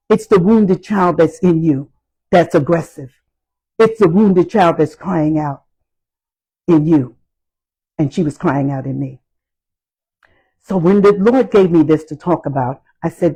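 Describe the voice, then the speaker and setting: A woman giving a motivational talk on healing, speaking in slow, emphatic, repetitive phrases. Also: low voice, mellow, husky, rough recording.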